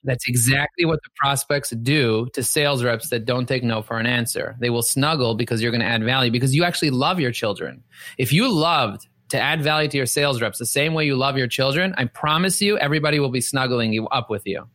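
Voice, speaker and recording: A man's voice: mid-range voice, a little fast, fairly bright tone, dry recording. A man hosting a podcast as a sales coach, giving emphatic, repetitive motivational advice. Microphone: podcast microphone.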